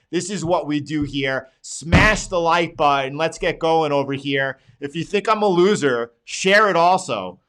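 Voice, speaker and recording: A man with a fairly high pitch and fairly bright tone hosts a live trading show, going through charts in real time. He speaks emphatically and repeats phrases, sometimes pleading with his viewers.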